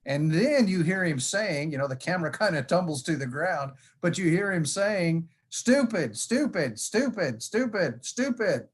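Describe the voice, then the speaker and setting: A man's voice: a little high, moderate pace, few pauses. Folksy man giving a talk. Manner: folksy storytelling with jokes. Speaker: conference speaker. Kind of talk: presentation talk.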